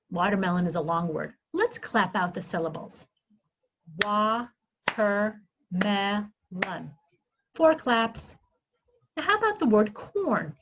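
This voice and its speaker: Woman presenter with a fairly high voice, teaching early reading and sounding out each phoneme slowly. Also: poor audio. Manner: slow, exaggerated sounding-out of phonemes; asks questions then answers them herself. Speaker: literacy workshop presenter. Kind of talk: instructional presentation.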